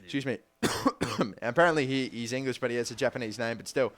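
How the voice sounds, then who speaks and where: A young man giving casual, rambling let's-play commentary on a football video game, getting excited during the action. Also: mid-range voice, a little fast. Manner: rambling, repeats "but still" and "to be completely honest"; gets excited calling match action. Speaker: gaming YouTuber.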